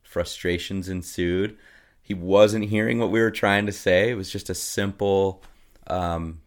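A man in his thirties with a notably deep voice, chatting as a podcast guest. He tells stories about his family casually and animatedly. He jumps into voices for his kids as he goes. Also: measured pace. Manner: animated storyteller who acts out his kids. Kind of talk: casual storytelling.

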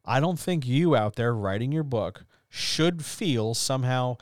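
Male host, mid-pitched, passionate pep-talk delivery with sharp loud-to-soft swings, dry close sound. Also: expressive, unhurried, no room sound. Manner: earnest, swearing, repeats phrases, swings from loud to quiet. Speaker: host of a writers chat. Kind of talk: impassioned motivational monologue.

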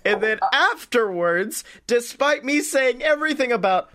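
A man's voice: very high voice, animated, a little slow, pushed and bright. A man hosting a comedy podcast, telling a story while laughing and slipping into voices. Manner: laughs through his stories, slips into character voices. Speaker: podcast host.

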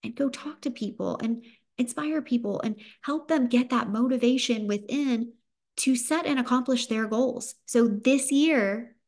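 A woman's voice: on the high side, unhurried, darkish tone. A woman in her thirties with a Southern US accent, hosting a motivational podcast in an upbeat, emphatic pep-talk manner. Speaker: podcast host.

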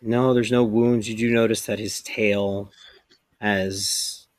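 Guy gm telling the scene, lowish monotone voice, dry close sound. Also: takes it slowly, no room sound. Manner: loose, descriptive narration with fillers. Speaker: game master. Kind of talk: narrating a tabletop game.

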